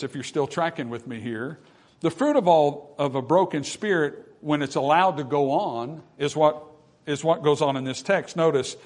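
A man preaching a sermon, repeating phrases and asking the listeners whether they follow, moving from hushed passages to loud emphatic ones. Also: on the high side. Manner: repetitive, addresses audience with questions.

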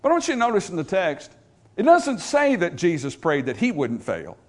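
Animated, high-voiced preacher. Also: male voice. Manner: swings from hushed, drawn-out scripture quotes to loud, emphatic preaching. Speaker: pastor. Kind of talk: sermon. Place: church in front of a congregation.

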